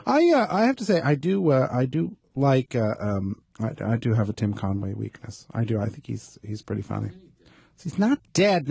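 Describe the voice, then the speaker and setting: A man's voice: medium pitch, vocal fry, dark tone, breathy edge, no echo. A man hosting a talk radio show, rambling through campy, self-mocking asides in a studio. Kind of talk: casual talk radio chat. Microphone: studio microphone.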